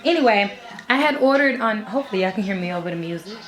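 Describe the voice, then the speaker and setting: A woman's voice: mid-range voice, expressive, fast, fairly bright tone. A young woman vlogging casually from her bedroom, chatty, swearing freely and laughing between thoughts. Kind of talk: casual vlog.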